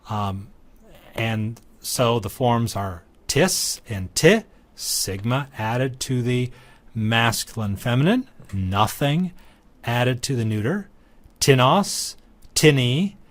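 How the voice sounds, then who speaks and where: A man teaching Greek grammar in a recorded lecture, explaining each form patiently and methodically, with frequent ums. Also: medium pitch. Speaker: Greek instructor.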